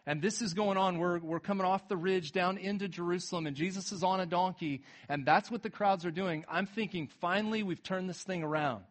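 A male pastor delivers a sermon in a fairly high voice. He tells the scripture in a relaxed, conversational way, pushing up to emphatic peaks and then sinking low and quiet for weight. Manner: retells scripture in a casual, conversational way.

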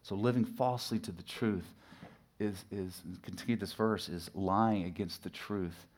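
A middle-aged pastor preaching a sermon, telling a personal story with lively swings from loud acted shouts to hushed asides. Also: male voice, low-pitched, moderate pace. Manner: animated storytelling, acts out his own shouting and sudden hushed asides.

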